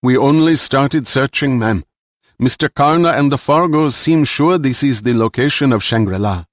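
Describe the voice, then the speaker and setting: A male narrator voices a polite, deferential man replying to his boss, pitched above his own voice yet close to everyday speech. The mid-range delivery comes at a moderate pace, recorded dry and clean in a studio.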